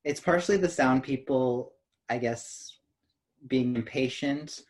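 A man with a mid-range voice reflects on his work as a performer, pausing often with fillers as he thinks. He speaks in an easy, conversational way. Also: medium pitch, a little mellow. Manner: thoughtful, hesitant with fillers. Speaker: performing musician. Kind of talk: casual radio conversation.

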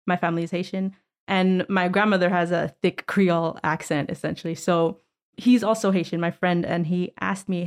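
A young woman with a somewhat low voice talks in a relaxed, chatty way as an interview guest. She is from Montreal and leans on fillers like "essentially" while laughing easily. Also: normal speed. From Canada, Montreal. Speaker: guest artist. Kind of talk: casual interview chat.

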